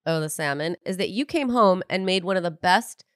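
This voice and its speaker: A woman's voice: on the low side, lively intonation, brisk, dry recording, studio quality. A woman co-hosting a podcast, chatting casually and gushing with enthusiasm. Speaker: podcast co-host. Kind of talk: casual comedic chat.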